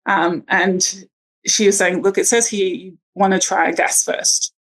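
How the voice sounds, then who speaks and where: A woman's voice: medium pitch, flat delivery, a little slow, a bit bright, poor audio. A woman telling her birth story in a casual interview, chatty with lots of ums and likes. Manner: chatty, many ums and likes, acts out quotes.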